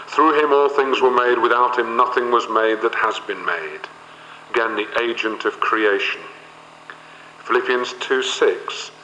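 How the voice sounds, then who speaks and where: A man's voice: mid-range voice, bright, forceful tone, reverberant, in a large hall, a little hiss or hum, poor audio. A man leading a Bible study, reading verses aloud and explaining them, with occasional fillers. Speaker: Bible teacher.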